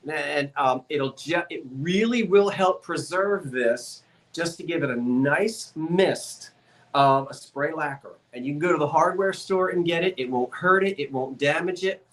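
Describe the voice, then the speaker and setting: A woman's voice: deep voice, a little slow. Chatty South Jersey woman auctioneer. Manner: chatty, folksy, laughs easily. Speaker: antiques auction host. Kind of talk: live-stream auction patter.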